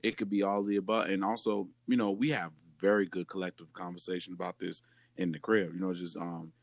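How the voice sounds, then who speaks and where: A man's voice: low-pitched, flat delivery, fast, gravelly, no echo. A man co-hosting a podcast, laid-back and musing in casual chat. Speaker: podcast co-host.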